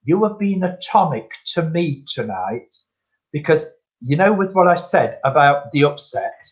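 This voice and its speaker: Older medium telling tales. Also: male voice, on the high side, sing-song, unhurried. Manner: acts out dialogue, laughs often, calls people "my friend". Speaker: spiritualist medium guest. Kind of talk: chatty anecdotal storytelling. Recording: dull lo-fi call audio.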